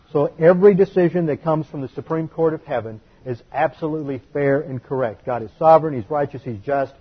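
Heard through a dull lo-fi recording, a husky, fairly high-pitched male voice preaches a teaching sermon. The pastor is emphatic and methodical, spelling out terms and going over figures again so his listeners can jot them down.

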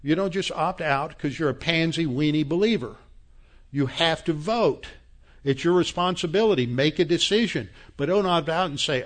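A man's voice: on the high side, animated, moderate pace. A man preaching a sermon, citing scripture verses and scolding his listeners with growing force. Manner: emphatic, rising to angry scolding; quotes scripture references. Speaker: pastor.

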